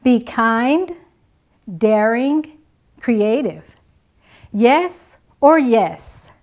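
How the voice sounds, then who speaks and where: A woman delivers a graduation address at a very slow, deliberate pace, leaning on each phrase. Her voice sits a little high, and she drills repeated refrains with emphatic weight. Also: a little mellow. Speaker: nursing instructor.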